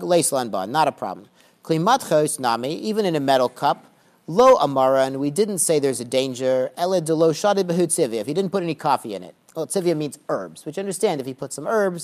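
A man teaching a Talmud class, reading Aramaic phrases slowly and explaining them in casual English with dry joking asides. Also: a little high, darkish tone.

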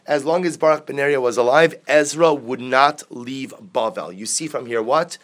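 A man's voice: medium pitch, moderate pace, a bit bright. Male Talmud teacher, explains each passage, rhetorical questions, daily class. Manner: reads Aramaic text then explains it, with repeated rhetorical questions.

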